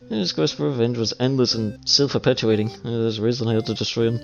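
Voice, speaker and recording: A man's voice: mid-range voice, fast talker, creaky, hardly any pauses. A man reading a game aloud with casual, swearing, joking commentary as a game streamer. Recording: slightly dull audio with faint music.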